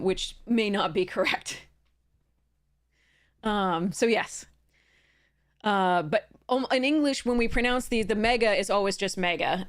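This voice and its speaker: A young adult woman chatting casually on a live stream. She rambles and restarts her sentences, filling the gaps with ums. Her voice sits at a middle pitch. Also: clean tone.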